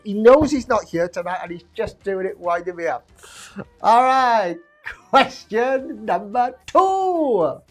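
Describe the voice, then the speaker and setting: A quiz host, running a casual live-streamed pub quiz with chatty, self-mocking asides between the questions. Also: medium pitch.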